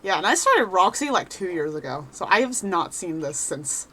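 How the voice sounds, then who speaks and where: A woman streaming a game, chatting casually and reading character lines aloud in a rough put-on voice. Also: fairly low pitch, sing-song, moderate pace, pushed and bright.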